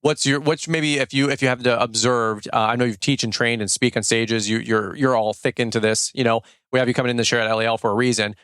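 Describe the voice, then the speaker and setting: A man hosting an interview, asking questions in a halting, eager way with many restarts. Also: mid-range voice, fairly even intonation, a bit bright, smooth, dry recording, studio quality. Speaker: podcast host.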